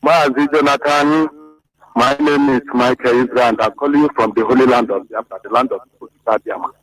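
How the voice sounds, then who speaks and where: A man's voice: medium pitch, normal speed, fairly bright tone, low-quality recording. A man calling a radio show, preachy and fervent, with emphatic peaks. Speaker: radio call-in caller. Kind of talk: impassioned call-in comment.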